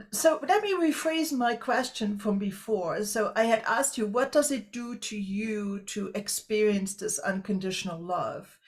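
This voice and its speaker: A woman's voice: mid-range voice, a bit bright. A woman hosting a conversation over a video call, explaining her ideas thoughtfully and checking in with "okay?". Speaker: host. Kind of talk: casual conversation.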